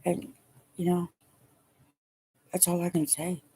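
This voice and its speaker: A middle-aged woman speaking haltingly and wearily in a personal video diary, emotional as she talks. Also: fairly low pitch, flat delivery, mellow, slightly rough. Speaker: vlogger.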